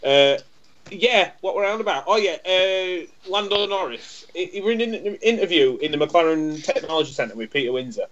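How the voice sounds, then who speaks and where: A man chatting on a podcast, his voice sitting a little high. He rambles and trips over his words, restarting sentences. The sound is dull and lo-fi. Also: expressive, normal speed, a bit bright. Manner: rambling, stumbles and repeats words. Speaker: podcast co-host. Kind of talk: casual chat.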